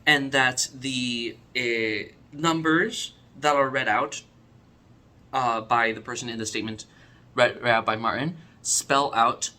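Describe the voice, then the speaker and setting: A man chats through his rankings of a podcast's episodes in a loose, casual way. His voice is bright and forward, and he rambles with plenty of fillers, restarts and eager asides. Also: mid-range voice, steady tone, slow. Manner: enthusiastic, rambling, lots of fillers. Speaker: podcast reviewer. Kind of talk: casual review chat.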